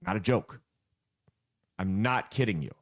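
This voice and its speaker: A man's voice: lowish voice, lively intonation, unhurried. A man from the American Midwest delivers casual political commentary in a blunt, sarcastic way. His voice rises and falls a lot as he talks.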